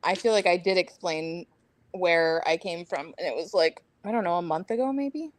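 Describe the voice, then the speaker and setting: A woman's voice: on the low side, moderate pace. A woman in casual group chat on a stream, brash and teasing, swearing freely.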